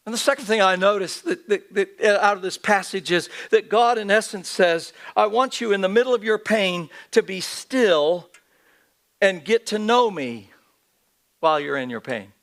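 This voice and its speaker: A man's voice: sits high, normal speed, a bit bright. A man pastor preaching a sermon in a church, earnest, with repeated phrases and restarts. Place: church sanctuary.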